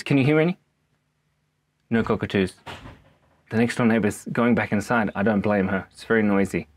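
A man, rambling playfully in a monologue from a backyard cubby house and slipping into animal noises. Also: medium pitch. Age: 30s. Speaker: vlogger.

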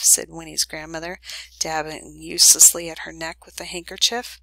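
A woman reading a children's novel aloud in a gentle, even storytelling manner. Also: low-pitched, moderate pace, gravelly, no room sound, low-quality recording. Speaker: reader.

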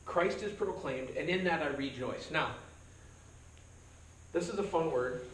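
A man speaks a little slowly in a slightly high, fairly bright voice, with a little hiss or hum audible. He's a pastor holding a casual verse-by-verse Bible study, making jokes and mimicking the voices he quotes. The recording, made from a distance in a church meeting room, sounds roomy with faint background.

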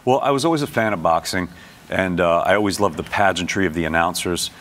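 Deep low brooklyn guy, middle-aged, laid back, lots of uhs and restarts, guest on a tv show. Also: fast, a little hiss or hum. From Brooklyn, New York. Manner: relaxed, speaks with many restarts and fillers. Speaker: sports announcer and guest. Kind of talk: casual TV interview chat. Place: TV studio.

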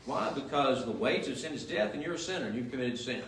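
A man's voice: mid-range voice, lively intonation, fast, a little hiss or hum. A male pastor preaching a sermon in an emphatic, repetitive style full of rhetorical questions, heard in a church. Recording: echoey room, mic at a distance.

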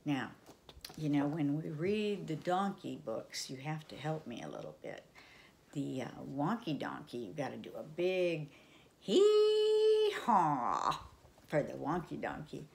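An older woman reading a picture book aloud to children, in a playful sing-song way with sudden soft whispers. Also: deep voice, expressive, normal speed, creaky. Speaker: children's storyteller.

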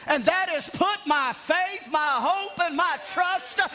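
A man preaching a revival sermon, shouting with animated, self-mocking humor in a large church. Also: very high-pitched, slow pace. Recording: long hall reverb in church.

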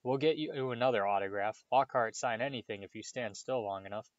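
A man voicing a blunt, sharp-tongued schoolboy wizard. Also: mid-range voice, fairly quick, no room sound, muffled recording, natural voice. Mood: scornful.

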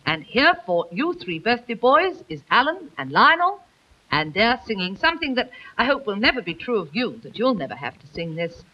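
A woman with a bright, clear voice hosts a 1950s-style television show in a studio. She chats, teases the musicians and reads birthday greetings, her pitch rising and falling in a lively way. The sound is dull and lo-fi, like an old TV recording. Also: normal speed. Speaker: TV presenter. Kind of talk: light entertainment presenting, reading birthday greetings.

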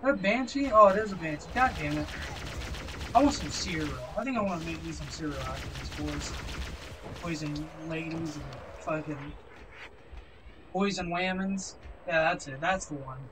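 A man's voice: on the high side, moderate pace, noisy background. A young man giving casual gameplay commentary, swearing and grumbling in frustration. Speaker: gaming video creator. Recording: game music playing behind.

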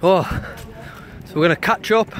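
Guy with a high-ish voice filming on the street, keeps asking why, handheld camera. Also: normal speed, fairly bright tone, slight background noise. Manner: casual, pushes back with repeated questions. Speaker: citizen journalist filming police. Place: outdoors on a city street.

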